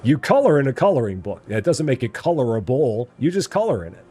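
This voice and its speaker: A man's voice: medium pitch, big pitch swings, fast talker, dark tone, slight background noise. A man from Illinois hosting a live game stream, chatting playfully and answering viewers. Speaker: live-stream gamer host. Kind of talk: casual live-stream chat.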